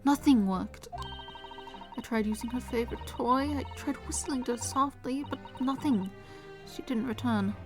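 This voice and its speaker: A woman voicing a timid, nervous young woman with a put-on Russian accent, speaking in a hushed, halting way. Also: a little high, music in the background, lightly acted. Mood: anxious. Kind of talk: reading game dialogue aloud in voices.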